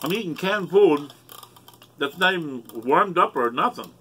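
Guy rambling on his vlog, kinda high bright voice, upset and cussing a lot. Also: lively intonation, a little slow, a little hiss or hum. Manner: rambling, emotional, swears a lot. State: upset, near tears. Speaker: YouTuber.

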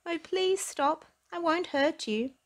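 A woman voicing a friendly, lost young male platypus in a storybook reading, with a gentle, pleading manner. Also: sits high, very animated, unhurried, pitched above the performer's own voice, exaggerated voice.

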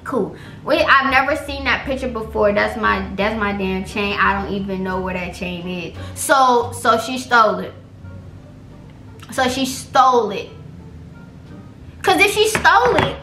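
A woman's voice: a little high, moderate pace. A young woman vlogging, chatting animatedly and dramatically to viewers in slangy casual talk while reading her texts aloud. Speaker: vlogger pranking her boyfriend. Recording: echoey room, faint music.

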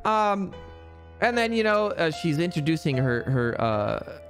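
A man's voice: fairly high pitch, sing-song, measured pace, a bit bright, faint music behind. A young man streaming a game, chatting casually in a rambling way with many fillers and frequent swearing. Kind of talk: casual chat while gaming.

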